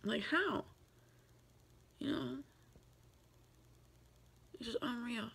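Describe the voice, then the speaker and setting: A woman's voice: a little high, extremely slow, vocal fry, fairly bright tone, slight background noise. An upset, tearful woman in her thirties venting in a rambling vlog, full of fillers and restarts. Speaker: vlogger. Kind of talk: emotional personal vlog.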